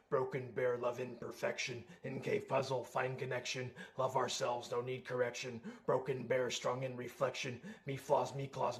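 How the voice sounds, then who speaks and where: A man voicing a gruff male cave bear who is proud of his scars, chanting in broken caveman grammar as a rap song. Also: medium pitch, close to an everyday voice.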